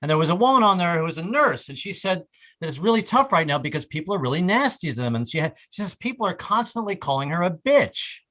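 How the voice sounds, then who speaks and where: A middle-aged man performing a stand-up comedy set on a club stage, breaking into loud shouted impressions. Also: sits high, sing-song, fast, poor audio.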